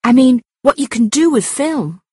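Woman playing an excited young screenwriter. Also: on the high side, unhurried, slightly rough, no echo, studio quality, voice pushed up, full character voice. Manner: bright, excited, talks in a rush. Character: eager young female aspiring screenwriter.

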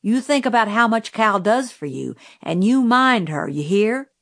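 A woman's voice: medium pitch, expressive, a little slow, fairly bright tone. A woman voicing a firm, stern father. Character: firm, calm middle-aged father.

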